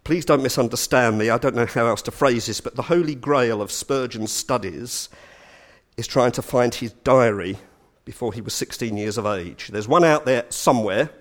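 A man giving a storytelling lecture, animated and full of chatty asides. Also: mid-range voice, normal speed. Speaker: speaker giving a talk.

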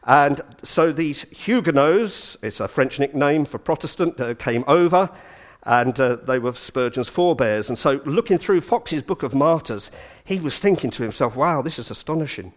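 A man giving a storytelling lecture, animated and full of chatty asides. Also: medium pitch, normal speed. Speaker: speaker giving a talk.

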